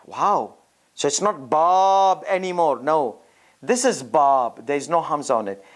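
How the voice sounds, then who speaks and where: A teacher giving a step-by-step lesson on reading, sounding out syllables one by one and thinking aloud with pauses and restarts. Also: mid-range voice, lively intonation. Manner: drills syllables aloud, repeating each sound slowly.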